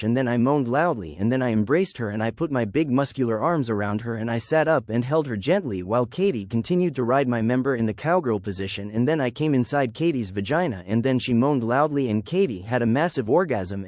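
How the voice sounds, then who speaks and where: A man's voice: mid-range voice, darkish tone, no room sound, studio quality. A man narrating an unscripted first-person story in a plain, repetitive way, stringing events together with "and then".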